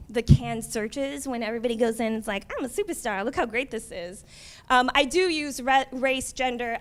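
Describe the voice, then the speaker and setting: Woman librarian, high voice, casual presenter at a conference, chatty, checks in with the audience a lot. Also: a bit bright. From United States. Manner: conversational, frequent "um" and "right?" tags.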